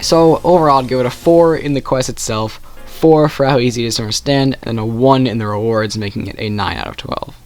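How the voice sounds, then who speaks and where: A man's voice: medium pitch, brisk, hardly any pauses, darkish tone, faint music behind. A young man casually ranking video game quests, rambling and correcting himself often. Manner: rambling, self-correcting, with frequent "like". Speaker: gaming youtuber.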